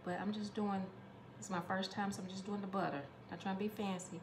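A woman's voice: medium pitch, little pitch movement, brisk, reverberant, noisy background. A woman chatting through a home cooking demonstration, affectionate and talkative, calling her viewers honey.

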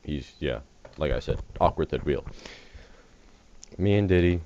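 His voice is extremely low and dark, yet animated and unhurried: a tired American gaming channel host who just woke up, joking and rambling through casual game commentary while easily distracted. Dull lo-fi recording, faint hiss.

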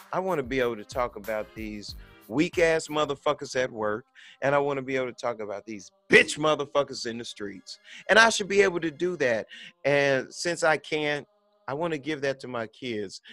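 A man's voice: mid-range voice, fairly bright tone. A man in his thirties hosting a podcast, talking bluntly and candidly with lots of profanity in a casual monologue. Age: 30s. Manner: blunt, profane and candid, acting out quoted voices. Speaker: podcast host.

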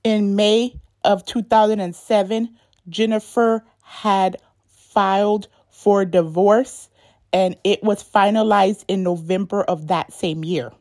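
A woman's voice: medium pitch, fairly even intonation, takes it slowly, darkish tone, dry recording, studio quality. A woman narrating a celebrity life story in a chatty video style, with casual asides to her viewers. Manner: chatty asides, self-conscious about censored words. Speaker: YouTube narrator.

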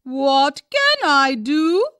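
A woman's voice: high-pitched, very animated, drawn-out words, fairly bright tone, dry recording, studio quality, voice pushed up, full character voice. A woman voicing a small, sad, lonely male skunk in a read-aloud story, speaking in a pleading, weepy way. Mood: plaintive.

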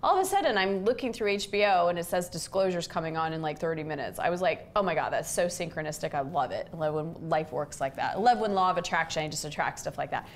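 A woman's voice: low voice, fast talker, few pauses, a little hiss or hum. A middle-aged woman hosting a casual chat, telling an everyday story and acting out the quotes with animation. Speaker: host. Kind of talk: casual chat about relationships.

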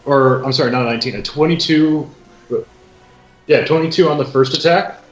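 His voice sits on the high side as he announces his dice results matter-of-factly, moving at a moderate pace through a relaxed tabletop session. Faint music plays in a dull, roomy recording.

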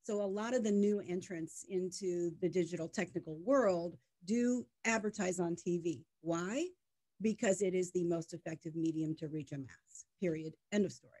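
A middle-aged woman, a tech startup co-founder, talking as an interview guest in an emphatic, animated storytelling way. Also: fairly low pitch, normal speed. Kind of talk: conversational interview.

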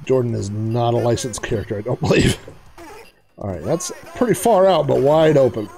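A man hosting a retro gaming video, giving casual, excitable gameplay commentary and chatting to the players on screen. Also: mid-range voice, moderate pace, vocal fry, soft background music.

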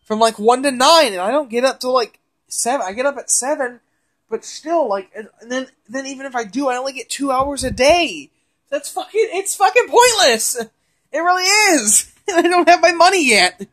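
A man's voice: extremely high pitch, fairly bright tone. A young man who is a gaming vlogger, ranting in frustration and cursing heavily as he rambles while playing a game. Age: young adult.

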